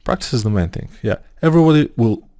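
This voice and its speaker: A man's voice: mid-range voice, animated, fast talker, warm tone, no echo, studio quality. A man casually giving advice about learning, repeating words as he thinks aloud with frequent fillers.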